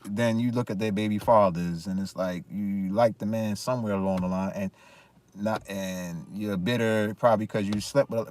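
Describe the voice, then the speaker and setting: A man with a fairly low, darkish voice speaks in a steady tone at a moderate pace, with no room sound. He's a commentary vlogger on a casual opinion rant, emphatic and repetitive, constantly restarting his sentences.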